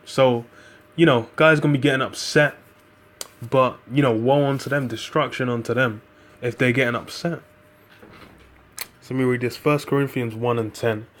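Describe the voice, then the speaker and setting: A man's voice: mid-range voice, fairly even intonation, moderate pace, pauses often, fairly bright tone. A man preaching in a rambling, casual monologue, full of fillers and profanity, quoting scripture. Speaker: religious group member.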